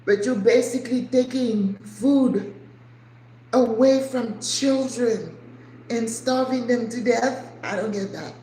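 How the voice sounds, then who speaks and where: A woman's voice: a little high, takes it slowly, warm tone. An older woman hosting her channel, chatting earnestly and emotionally while cooking at home. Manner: earnest, emotional, rhetorical questions. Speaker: channel host. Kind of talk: casual chat while cooking. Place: home kitchen. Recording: echoey kitchen, faint ambient noise.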